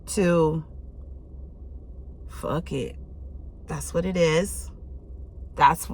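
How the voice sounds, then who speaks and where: A woman reading tarot messages in casual chat, candid and loose, swearing freely and reacting out loud. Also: medium pitch. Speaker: tarot reader.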